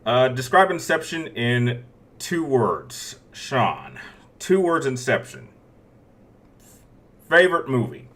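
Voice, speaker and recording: A man's voice: medium pitch, very animated, takes it slowly, long pauses, fairly bright tone. A man in his thirties hosting a casual Q&A, rambling through viewer questions with frequent restarts. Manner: rambling, many restarts, chuckles between answers. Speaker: YouTube Q&A host.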